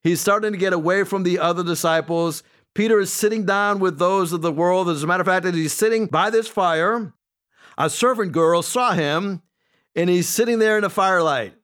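A man with a notably high voice preaches to his congregation. He walks through his points one by one as a pastor and slips into the voices of the people he quotes. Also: normal speed, a bit bright, clear, resonant tone. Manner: preaching, numbered points, acts out quoted speech. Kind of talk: sermon.

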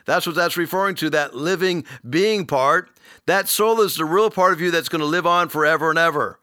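A man preaching a sermon, earnestly teaching and quoting scripture, slowing down to stress key words. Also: a little high, bright, forceful tone, clear, resonant tone, dry recording, clean studio sound. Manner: earnest, teaching, quotes scripture, slows for emphasis.

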